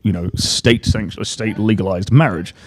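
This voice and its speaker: A man's voice: on the low side, unhurried, a little hiss or hum. A man from Australia with an Australian accent, a guest in a casual conversation, blunt and laid-back.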